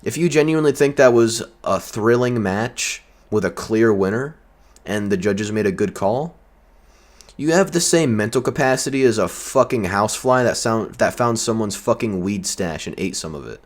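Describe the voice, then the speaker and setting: A man's voice: lowish voice, expressive, moderate pace. A man delivering a heated, profane and sarcastic vlog rant. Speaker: vlogger. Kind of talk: ranting commentary.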